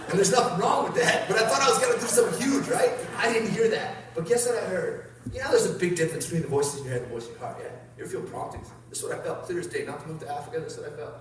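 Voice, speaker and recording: Energetic high-voiced man speaking in an echoey hall. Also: very fast, distant mic, slight background noise. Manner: energetic, animated, keeps addressing the audience. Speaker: motivational speaker. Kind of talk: motivational storytelling talk to a live audience. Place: large hall with an audience.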